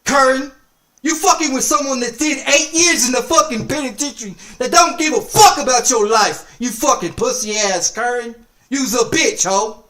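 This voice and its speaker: A man's voice: extremely high pitch, moderate pace, sharp tone. A man streaming games, delivering an angry, profane rant full of repeated insults and threats. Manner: heated, repetitive cursing, threatening. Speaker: game streamer.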